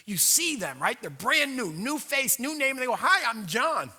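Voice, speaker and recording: A man preaching a sermon as pastor, conversational and animated, acting out inner voices. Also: very high-pitched, moderate pace, husky. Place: church sanctuary. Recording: long hall reverb.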